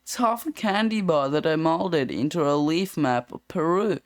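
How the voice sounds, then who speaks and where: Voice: mid-range voice, moderate pace, no echo, studio quality, lightly acted. A reader voicing a cocky sixth-grade boy with flippant wisecracks in a comic strip read-aloud. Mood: wisecracking.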